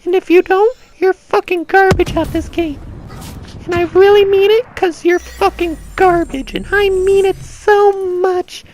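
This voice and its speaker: Squeaky bratty boy gamer. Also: fairly even intonation, measured pace, a little mellow. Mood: taunting. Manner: squeaky, screeching, taunting. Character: shrill whiny bratty boy gamer, taunting.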